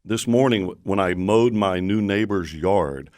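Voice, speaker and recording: A man who is a guest on a radio talk show, chatting in a lively, jokey way with lots of fillers and repeated words. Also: deep voice, unhurried, no room sound, studio quality.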